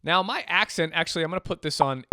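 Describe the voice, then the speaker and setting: A man teaching jazz piano in a relaxed, chatty way, counting beats aloud as he plays. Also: fairly high pitch, fast talker, dry recording. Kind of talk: casual instructional talk. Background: piano playing and metronome clicks.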